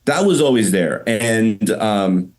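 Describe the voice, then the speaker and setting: A man's voice: fairly low pitch, animated, slow, a little mellow. A young man, a podcast guest, telling childhood stories in casual chat, full of "like" and restarts. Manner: rambling storyteller, lots of "like". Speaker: podcast guest, company founder.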